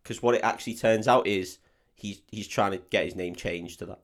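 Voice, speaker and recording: A man casually recapping a film plot, sweary and animated, laughing often. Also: lowish voice, fairly quick. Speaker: podcast co-host recapping a film. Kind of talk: casual chat.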